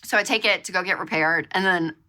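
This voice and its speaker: A woman hosting a show, telling a story in a casual, animated way with lots of fillers. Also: lowish voice, fairly quick. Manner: animated, chatty, lots of fillers and repeated exclamations. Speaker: show host.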